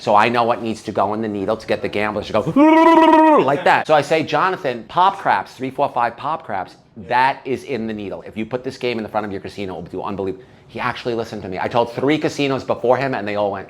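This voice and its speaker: An older man hosting, chatting at a party in a brash, rambling, self-mocking way. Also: fairly low pitch. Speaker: host and entertainer. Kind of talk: casual chat at a party.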